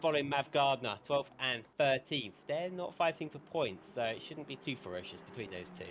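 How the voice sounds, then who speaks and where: Lively male race commentator. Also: mid-range voice, brisk, a little hiss or hum. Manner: playful, teasing, jokey. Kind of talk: casual live commentary banter.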